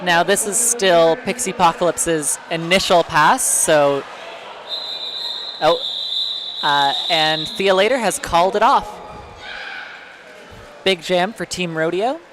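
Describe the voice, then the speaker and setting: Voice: medium pitch, slow pace, long pauses. Chatty roller derby co-commentator. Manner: casual, chatty, explains play. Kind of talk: live color commentary. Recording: noisy venue background.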